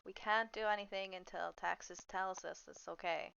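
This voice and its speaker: Woman, tabletop game player, gravelly low voice, dry lo-fi sound. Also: fairly even intonation, moderate pace, fairly bright tone, no room sound. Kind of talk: casual tabletop play.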